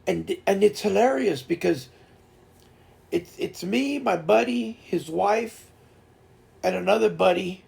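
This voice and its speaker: Gravelly man spinning rambling stories. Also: high-pitched, slow, long pauses, darkish tone. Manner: rambling, with repeated restarts; laughs while telling fishing stories. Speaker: streamer host. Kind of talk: casual storytelling chat.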